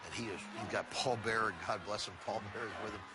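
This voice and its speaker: Older man spinning a lively story. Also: on the low side, fast talker. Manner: animated, acts out the other people's voices. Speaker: retired wrestler. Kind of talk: anecdotal storytelling.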